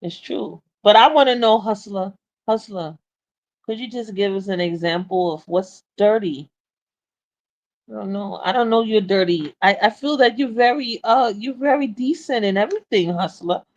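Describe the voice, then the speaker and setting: A woman's voice: medium pitch, moderate pace, dull audio. A woman co-hosting a casual online chat, teasing and giggly.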